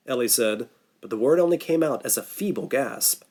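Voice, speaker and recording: A man narrating a horror novel audiobook in a steady, measured voice. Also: medium pitch. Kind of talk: scripted narration.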